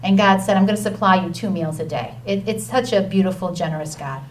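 A woman teaching a lively Bible lesson to children, chatty and enthusiastic, reading scripture aloud. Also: medium pitch, fast. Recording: distant mic with faint noise.

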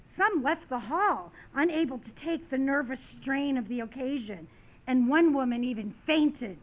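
Slow, high-voiced woman preaching a sermon. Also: lively intonation. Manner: dramatic reading of scripture and stories, rising and falling emphasis.

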